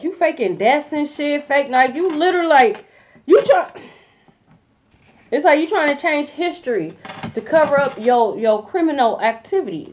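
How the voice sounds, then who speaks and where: High-voiced woman tarot reader, blunt and profane, lots of slang, dull lo-fi recording. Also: slight background noise. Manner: blunt, profane, animated slang-heavy delivery. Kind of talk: casual tarot reading to camera.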